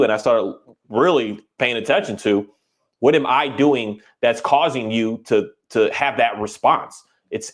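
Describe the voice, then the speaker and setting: A dog trainer talking in a casual podcast conversation, animated and acting out quoted voices as he tells stories. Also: mid-range voice.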